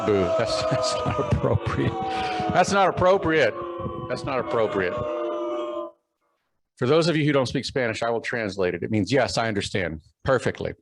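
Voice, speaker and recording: A man's voice: fairly low pitch, gravelly, rough recording. A middle-aged man from Texas giving a keynote talk, telling a personal story with many fillers and restarts. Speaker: keynote speaker.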